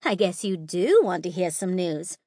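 A woman's voice: fairly low pitch, animated, normal speed, mellow, no echo, clean studio sound. A woman voicing a smug, teasing mother figure with a sing-song, condescending manner in an audiobook.

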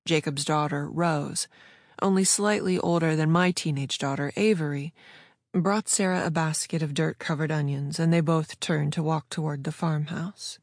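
Low-voiced woman narrating a story. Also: steady tone, moderate pace, a little mellow, no room sound, studio quality. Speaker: audiobook narrator. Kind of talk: scripted narration.

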